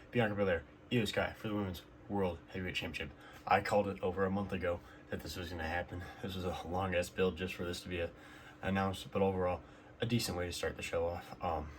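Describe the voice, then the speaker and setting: A man's voice: low-pitched, slight background noise. A man casually recapping a wrestling show, rambling with fillers and giving blunt opinions.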